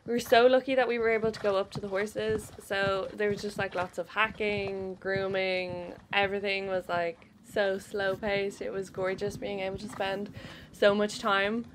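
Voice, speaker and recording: A woman's voice: medium pitch, little pitch movement, moderate pace, noisy background. A young Irish woman in a chatty, heartfelt vlog voice-over, with lots of "like" fillers. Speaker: channel host. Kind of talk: casual vlog voice-over narration. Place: voice-over over riding footage. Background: background music.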